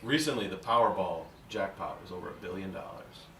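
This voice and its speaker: A man interviewing a high school athlete with playful, quick questions. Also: fairly bright tone, distant mic, slight background noise. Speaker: sports interviewer. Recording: roomy, off-mic with faint ambience.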